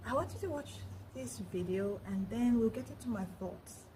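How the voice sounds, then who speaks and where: A woman hosting a reaction video, talking slowly and expressively. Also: fairly high pitch, background noise. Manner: slow, expressive, rising emphasis. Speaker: host.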